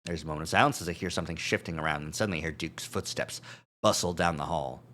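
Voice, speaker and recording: A man's voice: very deep voice, quick pace, a bit bright, slight background noise. A male streamer reading a visual novel aloud on a live stream, adding joking asides. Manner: reads narration with asides and chuckles.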